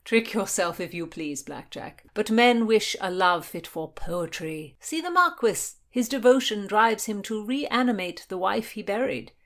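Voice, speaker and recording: A woman's voice: mid-range voice, a little slow, hardly any pauses, voice pushed up. A woman voicing an eager, cheeky young man who needles his brother in a storybook reading. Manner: lively, needling, whiny at times.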